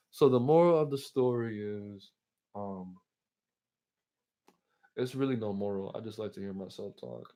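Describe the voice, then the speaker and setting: A man's voice: on the low side, measured pace, long pauses, dark tone. A man telling a rambling, profane story as he casually talks to his viewers. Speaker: channel host.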